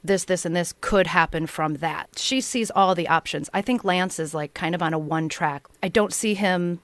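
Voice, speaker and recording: A woman's voice: fairly low pitch, normal speed, no echo. A woman chatting as a podcast panelist, talking in a chatty way, often repeating herself. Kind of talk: casual chat.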